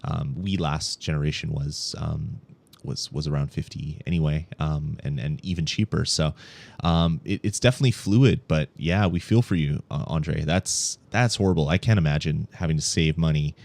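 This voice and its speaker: A young man hosting a casual podcast, talking in a relaxed, rambling way with lots of ums and restarts. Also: extremely low pitch, moderate pace, creaky. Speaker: podcast host.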